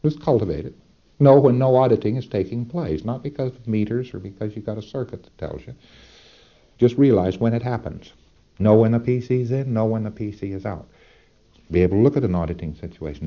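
Low-voiced man lecturing, dull lo-fi tape. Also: a little fast. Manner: folksy, emphatic, rhetorical asides. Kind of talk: lecture to trainees.

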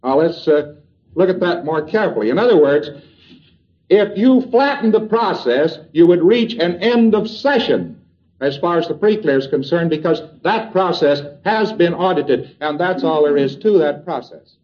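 A man's voice: a little high, lively intonation. Man lecturing on lo-fi old tape. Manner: deliberate, step-by-step explaining with quoted dialogue. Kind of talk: recorded lecture. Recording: dull lo-fi old tape recording.

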